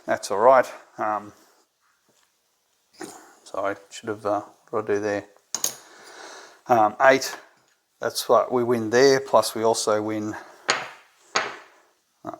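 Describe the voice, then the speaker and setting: A man's voice: mid-range voice, takes it slowly, pauses often, a little hiss or hum. Australian man talking through a tutorial. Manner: thinks aloud, keeps asking "right?". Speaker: gambling strategy presenter. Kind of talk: tabletop game tutorial.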